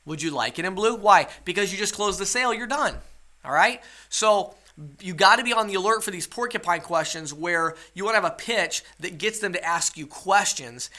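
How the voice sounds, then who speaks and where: Bright, high-voiced male sales trainer. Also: moderate pace. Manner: coaching, checks in with rhetorical questions. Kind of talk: webinar sales lesson.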